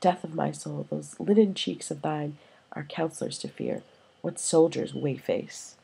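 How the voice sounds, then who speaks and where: Macbeth, read aloud by a woman as a gravelly defiant king. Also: sits low, measured pace, mellow, full character voice. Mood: scornful. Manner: reading Shakespeare verse aloud with rising emphasis. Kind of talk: read-aloud of a play text.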